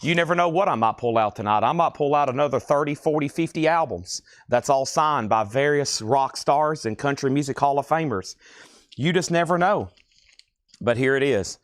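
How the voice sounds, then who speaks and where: In a dry, clean studio recording, a man with a mid-range voice hosts a live-stream record sale at a record store. His casual patter runs through album titles, prices and the names of buyers.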